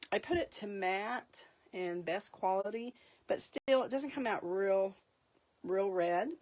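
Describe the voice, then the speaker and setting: A woman's voice: on the low side, darkish tone. A middle-aged woman hosting a live paper craft demonstration, chatty, laughing often and correcting herself mid-sentence.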